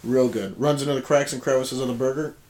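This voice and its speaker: Midwest guy joking around on a podcast, middle pitch. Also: fast talker, a little mellow. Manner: laid-back, joking. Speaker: podcast co-host. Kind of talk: casual chat.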